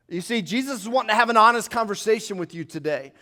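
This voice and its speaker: A man's voice: high voice, animated, fast, bright, forceful tone. A man preaching a sermon as pastor, acting out scenes from the Bible with rising emphasis.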